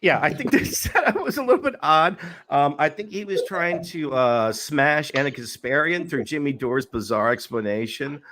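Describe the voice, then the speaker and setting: Lively-voiced man chatting on a podcast. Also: on the high side, normal speed. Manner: laughing, imitates callers and hosts. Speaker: podcast co-host. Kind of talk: casual chat.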